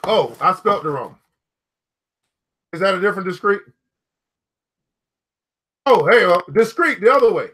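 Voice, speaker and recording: A man's voice: sits high, lively intonation, normal speed, pauses often, a bit bright, husky. A man hosting a book club, reading aloud to a live audience and riffing on it with emphatic, playful repetition. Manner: emphatic and playful, repeating key phrases.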